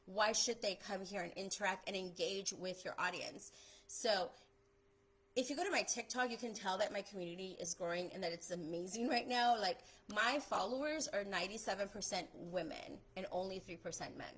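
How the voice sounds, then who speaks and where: A young adult woman talking fast and chattily in a casual live stream, giving social media tips as a photographer. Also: medium pitch, a bit bright, breathy edge, rough recording. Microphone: phone or webcam on a live stream.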